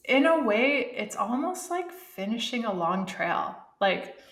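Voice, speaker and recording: A middle-aged woman, a former Olympic athlete, telling animated stories in a casual podcast interview, laughing often. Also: a little high, measured pace, reverberant.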